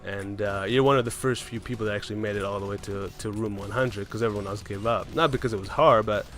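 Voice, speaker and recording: A man's voice: fairly low pitch, fast, a bit bright. A man casually telling a story about a game run, rambling along and often tagging on "right?" and "man". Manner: rambling, keeps asking "right?" and saying "man".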